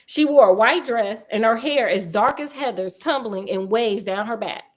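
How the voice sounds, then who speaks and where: Speaking at a moderate pace in a voice on the high side, a woman reads a spooky children's book aloud. She interrupts the reading with sassy comedic asides and laughter.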